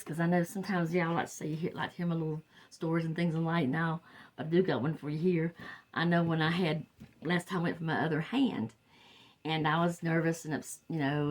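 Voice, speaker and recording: This older Southern woman from the Carolinas has a low-pitched, darkish voice. Chatty and rambling, she talks her way through making a wreath in a casual tutorial, often trailing off and then picking the thought back up.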